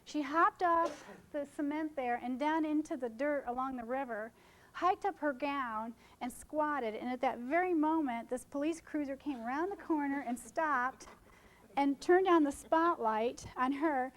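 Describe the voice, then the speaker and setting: Speaking at a measured pace into a stage mic, a high-voiced woman who photographs weddings shares stories with fellow photographers in a seminar room. She is an animated storyteller who performs the voices of the people in her anecdotes.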